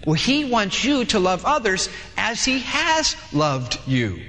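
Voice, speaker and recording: Pastor guy preaching, high and bright, does little voices for the dialogues, echoey big hall. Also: takes it slowly, few pauses. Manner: animated, acts out dialogues with shifting voices. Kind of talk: sermon. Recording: long hall reverb.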